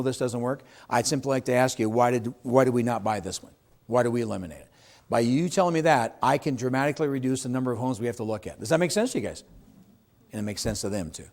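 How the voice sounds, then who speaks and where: A middle-aged man teaching real estate agents at a seminar, speaking emphatically, asking the room questions and acting out what clients say. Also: medium pitch. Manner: emphatic, asks the audience questions, acts out client quotes. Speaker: real estate sales trainer. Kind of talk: seminar talk to a live audience.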